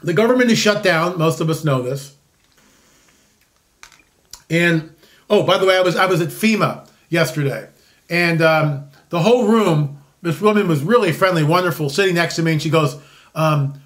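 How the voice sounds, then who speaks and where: A man's voice: a little high, moderate pace, fairly bright tone. A man in his sixties hosting a solo commentary show, rambling and sarcastic with frequent restarts. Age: 60s.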